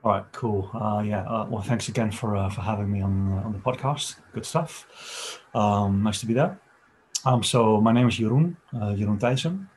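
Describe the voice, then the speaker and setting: A man's voice: fairly low pitch, normal speed, a little mellow, a little hiss or hum. A Dutch man in his forties, a guest football scout, speaking English hesitantly with many fillers. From Netherlands. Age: 40s. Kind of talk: casual podcast interview.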